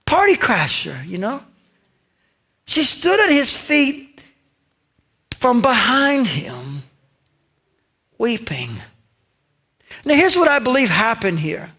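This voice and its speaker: A male pastor preaching a sermon in a lively storytelling way, acting out lines and talking directly to his congregation. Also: very high voice, slow, pauses often, breathy edge. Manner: conversational asides to the congregation.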